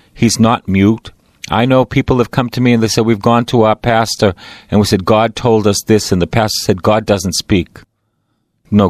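With a lowish voice, a middle-aged man preaches in the rolling, repetitive rhythm of a priest's sermon, driving every point home with emphasis. The audio is close and dry, without any echo or room sound.

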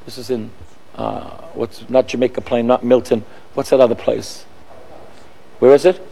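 A man's voice: mid-range voice, fairly even intonation, normal speed, gravelly, dark tone, big-room sound. A Catholic priest, telling a personal story on his radio program in a chatty, rambling way. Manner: chatty, rambling, searches for words mid-story. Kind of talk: storytelling testimony on a radio broadcast.

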